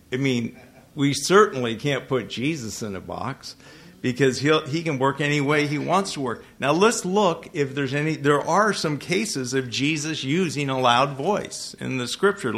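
Man, pastor, conversational sermon, questions to the congregation, loud emphatic bursts, self-correcting restarts. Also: mid-range voice, measured pace. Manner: restarts and self-corrections when tongue-tied. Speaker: preacher. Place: church hall with a congregation.

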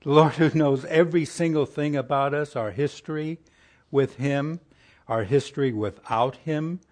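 With a fairly high pitch and moderate pace, a man preaches in a homespun, conversational way. Rhetorical questions are aimed at his listeners, and tender moments bring his voice down to a soft hush.

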